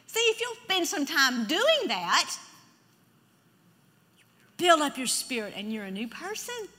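A woman's voice: high-pitched, sing-song, moderate pace, pushed and bright. A woman preaching a sermon in a church, emphatic, leading the congregation in repeating scripture aloud. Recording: long hall reverb.

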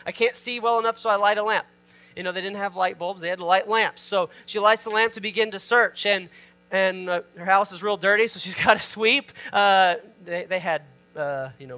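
Guy pastor with a pretty high voice, preaching casual, reads the verses then explains them, asks the crowd questions. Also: pushed and bright. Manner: informal, asks the listeners questions; reads scripture aloud and explains it. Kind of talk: conversational sermon.

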